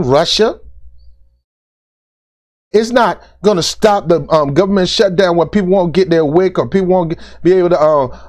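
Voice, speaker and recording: Man vlogging political opinions, blunt and exasperated, slightly high voice, informal. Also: a little mellow. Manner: informal speech with "ain't" and "dude". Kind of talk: opinion rant to camera.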